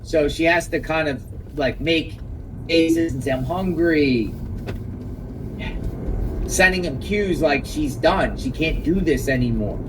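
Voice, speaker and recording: Slow, emphatic man outdoors. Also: a little high, recorded from a distance, background noise. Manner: emphatic, exclaiming, repeats key points. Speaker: commentator. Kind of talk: live reaction commentary.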